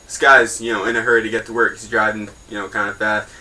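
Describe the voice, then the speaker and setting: A man's voice: fairly low pitch, level tone, quick pace, bright, forceful tone, slight background noise, low-quality recording. A young man hosting a homemade news show in a rambling, crude, joking way. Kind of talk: casual mock newscast.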